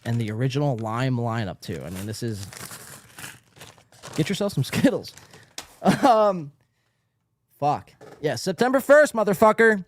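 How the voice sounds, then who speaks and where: A man's voice: mid-range voice, big pitch swings, unhurried, long pauses, darkish tone, slight background noise. A man hosting a podcast, ranting in a profane, mock-outraged monologue into a studio mic. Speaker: podcast host.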